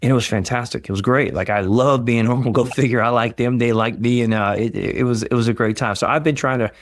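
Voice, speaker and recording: A man's voice: mid-range voice, fairly even intonation, fairly quick, no room sound. A middle-aged man from Southeast Texas with a Texan accent, a neurosurgeon guest telling his story in a friendly, self-deprecating way. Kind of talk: casual interview.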